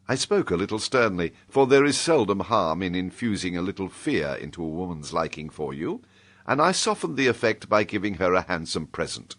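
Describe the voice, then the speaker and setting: A British man narrating an audiobook in the first person. His low voice moves lively across its range, shaping each sentence with expressive storytelling. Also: fairly quick. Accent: British English.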